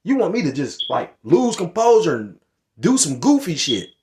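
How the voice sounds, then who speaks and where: A man's voice: a little high, very animated, normal speed, darkish tone. A middle-aged man giving rambling, profane commentary on scripture and current events, heated and full of restarts. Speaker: religious commentator.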